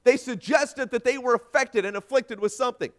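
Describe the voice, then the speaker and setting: A man preaching a sermon with folksy asides, swinging dramatically from loud emphasis down to a hushed near-whisper. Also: very high-pitched, fairly quick. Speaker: pastor.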